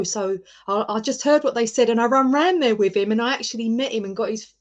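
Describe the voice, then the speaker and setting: A woman's voice: on the high side, fast talker, few pauses. A woman who is a guest in a casual chat, telling stories with giggly enthusiasm.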